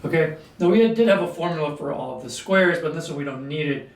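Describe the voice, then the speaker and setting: A man teaching a calculus lesson at a whiteboard, clearing his throat often and talking through steps with fillers. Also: fairly high pitch, expressive, fast. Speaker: math teacher. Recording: echoey room, mic at a distance.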